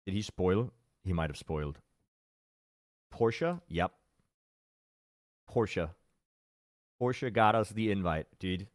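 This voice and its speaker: Streamer, male, deep low voice, loose chatty delivery answering chat. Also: animated, takes it slowly, long pauses, no room sound, clean studio sound. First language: Danish. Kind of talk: casual live-stream chat.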